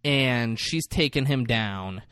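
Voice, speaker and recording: A man's voice: mid-range voice, slow, fairly bright tone, clean tone, no room sound. A man casually recapping a movie on a podcast, swearing, laughing and acting out the characters' lines. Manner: profane, laughing, acts out scenes. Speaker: podcast co-host.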